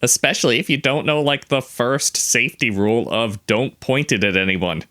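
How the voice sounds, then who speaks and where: A young adult man co-hosts a casual podcast chat. His voice is bright and forward at a middle pitch. He reacts to each story with wry, questioning remarks. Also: normal speed. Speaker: podcast co-host.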